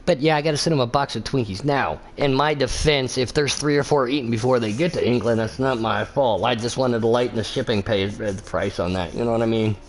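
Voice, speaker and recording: A man's voice: medium pitch, brisk, hardly any pauses. Rambling, jokey male race commentator. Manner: rambling, jokey, lots of fillers. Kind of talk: live sim racing commentary.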